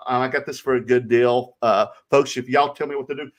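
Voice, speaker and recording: A middle-aged man with a Southern US accent, co-hosting a casual card collecting livestream, greeting viewers with loud sing-song shout-outs. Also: medium pitch, steady tone, a little fast. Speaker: co-host of a card collecting show.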